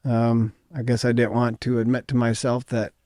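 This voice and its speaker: A middle-aged Midwestern American man speaks in a smooth, resonant voice. He answers interview questions modestly, with plenty of pauses and ums. The recording is dry and close. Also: mid-range voice, completely flat delivery, dark tone, no echo. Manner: modest, hesitant, many ums. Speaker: company founder, interview guest. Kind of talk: casual interview talk.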